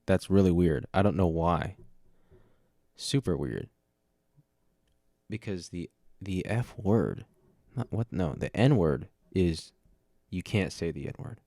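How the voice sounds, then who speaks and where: A man's voice: deep voice, unhurried, creaky, pauses often, mellow, no room sound. A young man hosting a podcast on his own, rambling casually with jokey, self-deprecating asides into a close dynamic microphone. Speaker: podcast host. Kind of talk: solo casual chat.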